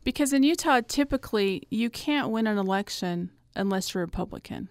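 A middle-aged woman, a studio guest on a radio panel, explaining her views in a measured way. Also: medium pitch, animated, dry recording.

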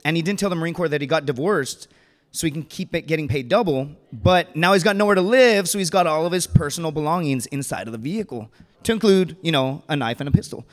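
A man's voice: a little high, lively intonation, fast talker. Man telling a rambling story on stage. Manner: rambling and conversational, lots of fillers, laughs at own story. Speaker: stand-up comedian. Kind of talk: stand-up storytelling. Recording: reverberant hall.

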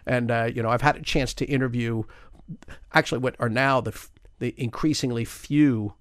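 A man's voice: mid-range voice, steady tone, normal speed, fairly bright tone, no echo, clean studio sound. A man in his sixties, a retired news correspondent, telling rambling stories with many fillers as a radio interview guest.

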